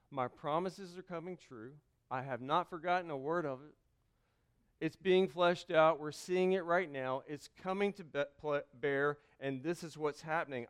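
A man preaches a sermon, reading scripture slowly and stressing key words. His voice sits high and stays smooth and resonant. He drops to quiet asides, then comes back loud. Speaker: pastor.

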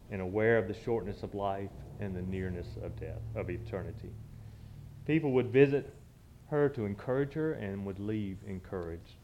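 A man's voice: on the low side, darkish tone. A man, telling a personal story from the pulpit in a conversational, reminiscing way with frequent restarts. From southern United States. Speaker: church speaker.

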